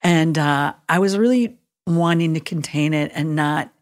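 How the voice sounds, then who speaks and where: A middle-aged woman with a low-pitched voice speaks unhurriedly. She is a hospital chaplain sharing an emotional story during a casual podcast chat, earnestly acting out her own thoughts and words.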